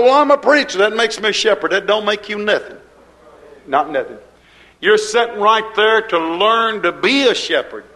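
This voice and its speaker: A man with a high voice preaches a fervent sermon as pastor. He asks rhetorical questions in folksy grammar and swings between loud and hushed. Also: rough recording.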